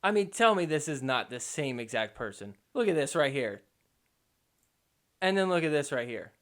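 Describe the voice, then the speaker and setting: A man's voice: fairly high pitch, big pitch swings, moderate pace. A man hosting a podcast, giving casual, teasing commentary over sports clips and laughing often. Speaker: podcast host.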